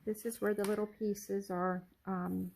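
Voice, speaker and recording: A middle-aged woman casually showing her handmade journals in a vlog, soft-spoken and rambling, with lots of ums and self-corrections. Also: medium pitch, level tone, a little slow, gravelly, a little hiss or hum, rough recording. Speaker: junk journal crafter showing her work. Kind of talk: casual show-and-tell vlog.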